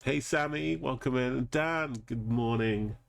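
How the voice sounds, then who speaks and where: A man's voice: medium pitch, slow pace, vocal fry. A man streaming a geography game, thinking aloud casually and greeting viewers in chat. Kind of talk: casual live gameplay commentary.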